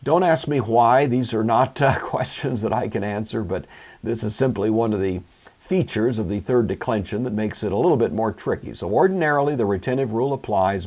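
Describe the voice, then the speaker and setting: Low-voiced man teaching Greek grammar. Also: a little mellow. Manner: measured, explanatory, with occasional fillers. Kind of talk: recorded grammar lecture.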